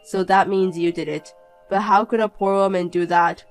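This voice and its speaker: A woman voicing a snobbish, cheating rich young man in an animated story, sneering and then pleading. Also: mid-range voice, moderate pace, faint music behind, natural voice, poor audio.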